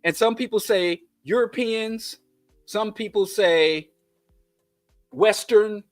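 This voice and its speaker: A man with a Kansas City twang and a fairly high voice delivers a political commentary monologue. He wanders into chatty asides and then drives home points in emphatic lists. The sound is dry and close, with faint music underneath. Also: slow pace, no room sound. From Kansas City, USA. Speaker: show host.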